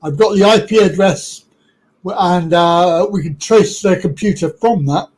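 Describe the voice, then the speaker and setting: A man's voice: high-pitched, unhurried, darkish tone, poor audio. A British man hosting a live stream, talking casually and bluntly with lots of swearing.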